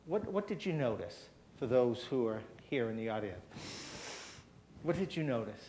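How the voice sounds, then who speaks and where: Very animated yet mellow, his medium-pitched voice keeps a moderate pace over a little hiss or hum. He's leading a health seminar in a church hall, explaining a breathing technique step by step, demonstrating it, and coaxing the audience along with a frequent "okay?"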